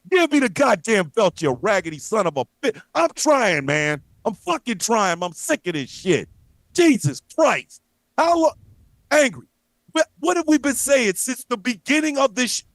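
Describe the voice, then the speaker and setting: High-pitched man ranting angrily. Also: dry recording. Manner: angry, heavily profane, shouting at times. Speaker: show host. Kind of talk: profane wrestling rant.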